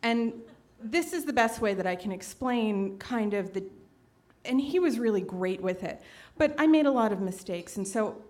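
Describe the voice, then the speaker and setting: A woman's voice: animated, moderate pace, darkish tone. A woman in her late twenties telling a personal story on stage, conversational, with many fillers, acting out the quotes. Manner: conversational, many fillers, acts out quotes with big pitch jumps. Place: stage at a live storytelling event.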